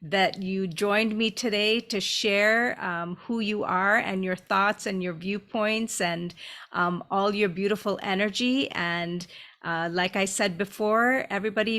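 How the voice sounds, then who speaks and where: A woman hosting a podcast interview, talking in an effusive, casual way with lots of fillers. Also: mid-range voice. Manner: warm and effusive, many fillers. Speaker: podcast host.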